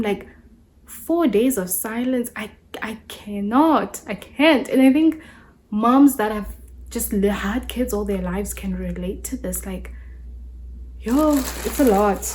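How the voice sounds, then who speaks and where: A woman's voice: medium pitch, lively intonation, slow pace, a little mellow, slight background noise. A woman, a mother, chatting casually at home as she shows a grocery haul, rambling with many fillers and restarts. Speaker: mother and lifestyle vlogger.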